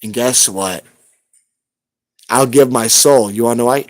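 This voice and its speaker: A man's voice: medium pitch, measured pace. A man on a live stream, ranting heatedly at someone and cursing constantly in a confrontational way. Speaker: livestreamer hunting for rare banknotes.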